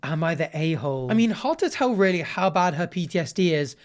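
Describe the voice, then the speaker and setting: A man with a fairly high voice hosts a comedy commentary show. He reads online posts aloud and reacts to them with animated sarcasm and plenty of mock outrage. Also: a little fast. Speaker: host reading and judging online posts.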